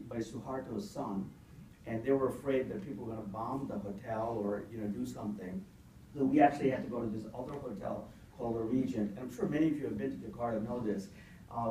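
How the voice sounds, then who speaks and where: A middle-aged man with a dark, mid-range voice delivers a keynote in an event hall, spinning a long anecdote peppered with "you know." He is captured from far off in an echoey hall with faint noise.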